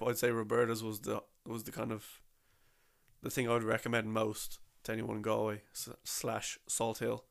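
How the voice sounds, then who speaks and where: A man's voice: lowish voice, gravelly. A young man telling a rambling, casual story about a trip, full of slang and restarts.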